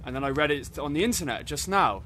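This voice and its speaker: Man co-host, playful chat, higher voice, lively pitch, faint background noise. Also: quick pace. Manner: chatty, playful storytelling. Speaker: podcast co-host. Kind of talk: casual chat.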